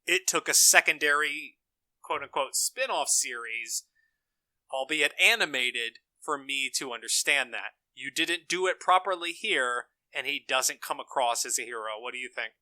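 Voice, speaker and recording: A man's voice: medium pitch, moderate pace, sharp tone, no room sound, low-quality recording. A man co-hosting a podcast, talking through his opinions on films in an emphatic, opinionated way. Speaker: podcast co-host. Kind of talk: casual film discussion.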